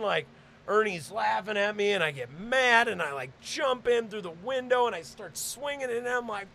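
A man hosting a podcast, telling a crude story and shouting when he acts out scenes. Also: high-pitched, unhurried, gravelly. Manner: animated, shouts when reenacting. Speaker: podcast host.

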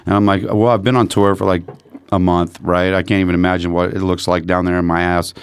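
Speaking fairly quickly in a low voice, an American man appears as a podcast guest, spinning foul-mouthed casual stories and performing other people's lines with animation. Heavy background noise runs through the clip.

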